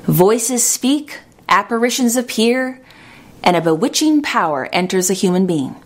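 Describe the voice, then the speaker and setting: A woman delivers an earnest sermon at a measured pace. She slows down to stress her key points, and her pitch sits in the middle range. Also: animated. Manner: earnest, measured preaching with slowed emphasis. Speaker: preacher.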